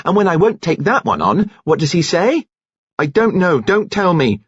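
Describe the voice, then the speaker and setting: A man's voice: high voice, very animated, normal speed, slightly rough, dry recording, muffled recording, voice pushed up, full character voice. A man reading an audiobook and voicing a bitter, brash young woman who spits out spiteful outbursts.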